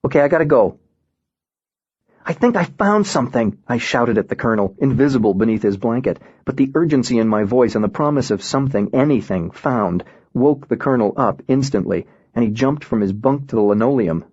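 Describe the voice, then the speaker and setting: A man reading a first-person novel aloud in an even, reflective way. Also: mid-range voice, brisk, few pauses, husky, no echo. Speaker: audiobook narrator. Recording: dull, dry lo-fi recording.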